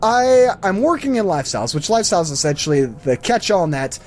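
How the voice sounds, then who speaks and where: A man's voice: high-pitched, big pitch swings, fast talker, a little hiss or hum. A man hosting a gaming channel, rambling through a story with lots of fillers while he plays. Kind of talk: casual commentary over gameplay.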